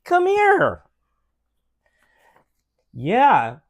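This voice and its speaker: A parent at home chatting with children in an animated, sing-song voice. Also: high-pitched, extremely slow. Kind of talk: casual family chat. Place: family home.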